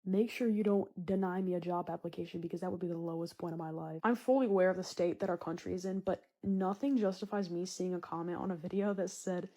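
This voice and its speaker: A teenage girl riffs through a comedic monologue in a sarcastic, deadpan-then-explosive way. She swings into loud, dramatic bursts of indignation between casual asides. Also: fairly low pitch, fast, few pauses. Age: teens. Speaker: comedy vlogger.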